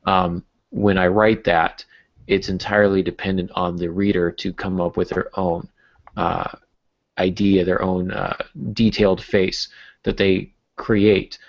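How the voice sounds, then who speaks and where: Male podcast co-host, very low gravelly voice, rambling and joking, slightly lo-fi sound. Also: flat delivery, a little slow. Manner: rambling, joking, many fillers. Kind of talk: casual writing podcast chat.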